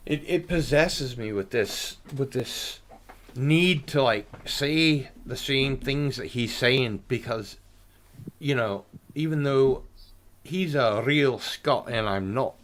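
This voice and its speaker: A man's voice: medium pitch, fairly bright tone. A man hosting a casual livestream panel, telling rambling stories in a chatty, self-deprecating way. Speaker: stream host.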